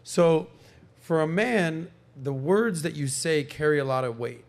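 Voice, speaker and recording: Guy hosting a podcast, bit high, gravelly, gets real animated telling stories. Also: unhurried. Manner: animated storyteller who acts out quoted voices. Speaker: podcast host. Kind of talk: casual podcast chat.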